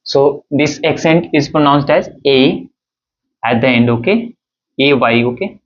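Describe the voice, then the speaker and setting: A man's voice: medium pitch, unhurried, slight background noise. Man teaching French. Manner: explains step by step with many fillers and "okay"s. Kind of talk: online language lesson. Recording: dull lo-fi sound with faint ambience.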